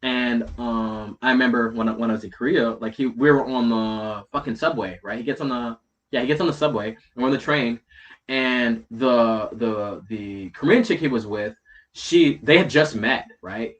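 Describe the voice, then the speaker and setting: A man's voice: medium pitch, moderate pace, highs cut off. A man guesting in a casual chat, telling a rambling story in slang, full of fillers and swearing.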